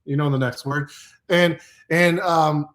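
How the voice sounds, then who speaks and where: A man giving a casual motivational monologue, rambling and playful, repeating phrases and sometimes dropping to a hush. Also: fairly high pitch, steady tone, slow. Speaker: self-help speaker.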